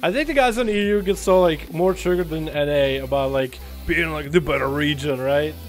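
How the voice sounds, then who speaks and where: High-voiced male game streamer, casual. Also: normal speed, faint music behind. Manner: greets chat viewers by name, swears casually, teasing. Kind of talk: casual livestream chat.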